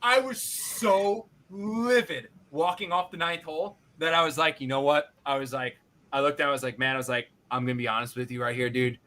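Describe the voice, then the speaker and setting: A male podcast host telling a casual, animated story, swearing freely and acting out his own reactions. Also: mid-range voice, quick pace.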